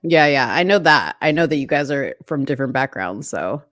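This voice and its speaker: A woman co-hosting a casual live-stream chat, animated and asking probing questions. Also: rumbling low, a little fast, dry recording, studio quality. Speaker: co-host.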